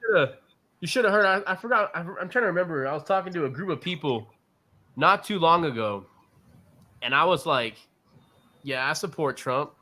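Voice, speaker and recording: Young dude co-host, bright slightly high voice, chill, says bro a lot. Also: male voice, expressive, a little fast. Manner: laid-back, laughs along, says "bro" and "like". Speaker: podcast co-host. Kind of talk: casual political banter.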